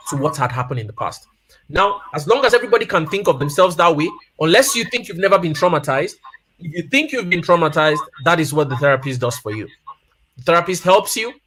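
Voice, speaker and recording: A man in his thirties or forties, his voice on the high side and a little bright, appears as a guest speaker on family life. He keeps it casual, tells personal stories, and repeats his main points for emphasis.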